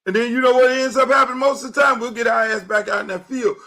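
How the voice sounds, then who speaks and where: Fired-up, bright-voiced man ranting profanely. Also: extremely high pitch, fairly even intonation, quick pace. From Miami. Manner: fired-up, profane, acts out quotes in shouts. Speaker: podcast host. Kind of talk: unfiltered sports commentary monologue.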